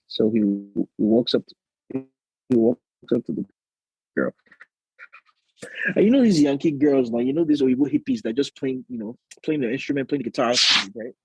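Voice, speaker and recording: A man with a Nigerian-American accent, hosting a casual podcast chat and telling animated stories full of slang and laughter. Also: mid-range voice, gravelly, slightly rough, no echo, muffled recording. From United States. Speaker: podcast host.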